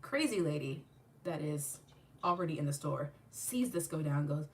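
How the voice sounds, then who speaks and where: Animated woman telling a story, slightly distant. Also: low-pitched, normal speed, slight background noise. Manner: animated, profane, acts out the people in her story. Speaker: channel host. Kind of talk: casual storytelling while doing a makeup tutorial.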